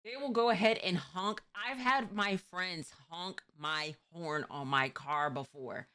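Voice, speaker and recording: New York woman, stream host, slangy rambling chat, lowish bright voice. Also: slow, clean tone. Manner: rambling, slangy, many restarts.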